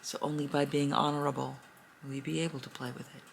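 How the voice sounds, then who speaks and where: A woman voicing a kind, wise fairy in a told fairy tale, speaking in a gentle, earnest way. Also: low voice, little pitch movement, fast, creaky, a little hiss or hum, voice pushed down. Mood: tender.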